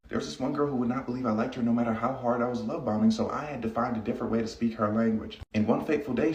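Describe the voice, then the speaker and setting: A man's voice: mid-range voice, darkish tone, roomy sound, distant mic, highs cut off. A man delivering a casual advice monologue, cocky and conversational, telling stories from his own dating life.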